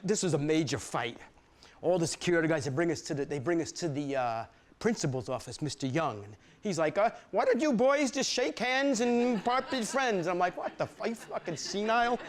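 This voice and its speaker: A man giving a dramatic first-person story reading, vivid and streetwise, peppered with "man" and profanity. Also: a little high. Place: studio stage reading.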